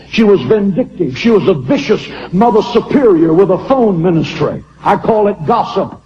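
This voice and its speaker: A man preaching a sermon, swinging from shouted lines to hushed ones as he tells a story. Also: sits high, big-room sound, dull audio, a little hiss or hum.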